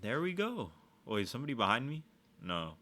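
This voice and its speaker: A man giving casual let's-play commentary, swearing a lot and trash-talking with excitable energy. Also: mid-range voice, brisk. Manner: profane, excitable trash talk. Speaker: gaming streamer.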